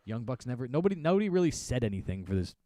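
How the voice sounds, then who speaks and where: A man's voice: mid-range voice, sing-song, very fast, dry recording, studio quality. A man co-hosting a podcast, recapping wrestling in casual, rambling, sarcastic chat. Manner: rambling, sarcastic, acts out wrestlers' shouted lines. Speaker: podcast co-host.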